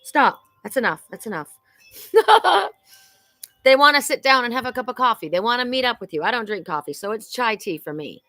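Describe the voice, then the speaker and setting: A woman's voice: on the high side, sing-song, brisk, pushed and bright, no room sound, soft background music. A woman hosting a live-streamed oracle card reading, chatty and exclamatory, talking straight to her viewers. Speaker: psychic card reader and host. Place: home in Sedona.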